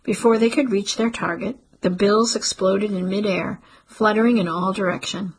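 A woman narrating a literary story in a steady audiobook reading. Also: mid-range voice, moderate pace, slightly rough, low-quality recording.

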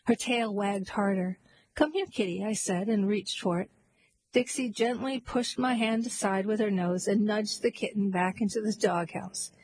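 A woman reading stories and poems aloud in a measured, gentle way. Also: mid-range voice, steady tone, a little hiss or hum, poor audio. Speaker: storyteller.

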